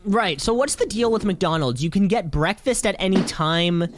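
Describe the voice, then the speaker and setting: A man's voice: high-pitched, expressive, normal speed. A young man co-hosting a podcast, chatting casually in a rambling, joking way. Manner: rambling, jokey, many fillers. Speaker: podcast co-host. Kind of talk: casual chat.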